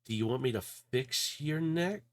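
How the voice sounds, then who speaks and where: A man voicing a confused young woman who questions a damaged robot quietly in a tabletop game. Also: medium pitch, lively intonation, measured pace, lightly acted. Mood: puzzled, soft. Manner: soft, puzzled questioning.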